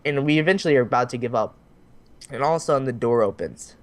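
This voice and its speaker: A young podcast host tells a story fast in a mid-range voice, with slight background noise. He's casual and animated, acting out the voices of the people involved and swearing freely.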